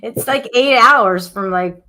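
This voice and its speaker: A woman's voice: on the high side, slow pace, pushed and bright. A woman chatting casually with a friend, mostly listening and reacting. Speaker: friend in conversation. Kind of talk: casual chat.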